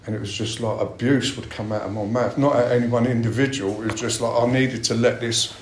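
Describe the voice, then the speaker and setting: Frank middle-aged bloke sharing at a meeting, mid-pitched, roomy echo, faint hum behind. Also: male voice, steady tone, fairly quick. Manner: blunt, swears a lot. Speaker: recovery meeting speaker. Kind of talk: personal share at a recovery meeting. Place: meeting room.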